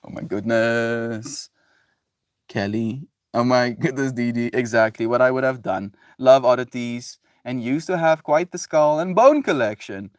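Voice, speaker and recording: A man's voice: mid-range voice, a little slow, no echo, studio quality. A man livestreaming, musing on love and forgiveness in a rambling way, laughing often as he reads chat. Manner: rambling, laughs often, loose filler-heavy talk. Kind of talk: casual spiritual musing.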